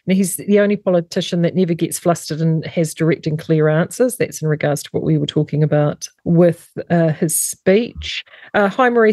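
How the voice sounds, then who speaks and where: A woman's voice: fairly low pitch, darkish tone, dry recording, studio quality. A middle-aged woman with a New Zealand accent hosting a talk radio show, reading listener messages aloud and then reading news items. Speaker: radio host. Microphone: studio microphone.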